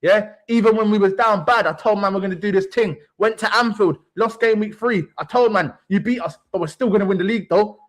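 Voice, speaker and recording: Speaking a little fast with few pauses, this livestream host has a voice that sits high. He's a young man delivering a heated fan rant about football, brash and full of swaggering street slang.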